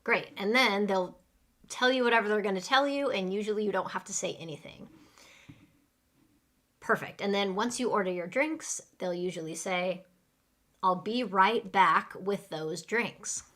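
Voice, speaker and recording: A woman teaching a live online English class. She talks patiently and clearly, acting out a server's lines and pausing so students can repeat them. Her voice sits at an ordinary middle pitch. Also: a bit bright.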